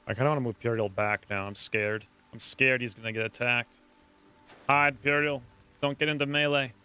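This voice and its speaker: A man streaming a strategy game, talking excitedly over the play and crying out when his fighters get hit. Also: mid-range voice, normal speed, clear, resonant tone. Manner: animated, yelps and cries out at hits. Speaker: gameplay streamer. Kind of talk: excited gameplay commentary.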